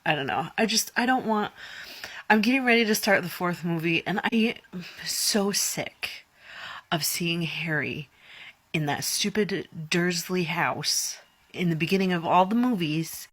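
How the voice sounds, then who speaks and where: A young woman in her twenties talks through a casual reaction vlog with a low, unhurried voice. She is chatty and dramatic, with giggly asides, and sounds worn out and tired. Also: a bit bright, no echo. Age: 20s. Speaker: vlogger.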